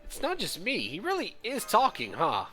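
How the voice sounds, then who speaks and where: Loud, animated, incredulous male streamer. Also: sits high, moderate pace, faint music behind. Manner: loud, incredulous, swearing, laughing. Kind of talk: live game reaction and reading.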